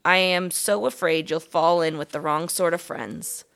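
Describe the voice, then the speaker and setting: A woman's voice: lowish voice, moderate pace, gravelly, a bit bright. Fussy worried mom mouse, always fretting, as a lady reader puts her on. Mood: anxious. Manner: anxious, scolding.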